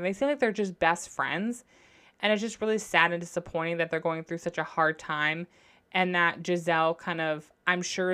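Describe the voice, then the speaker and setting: A young woman hosting a solo podcast, chatting casually about reality TV. She gushes over favorites and swears freely as she recaps, in a slightly low voice. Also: a bit bright. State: going through postpartum depression. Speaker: podcast host.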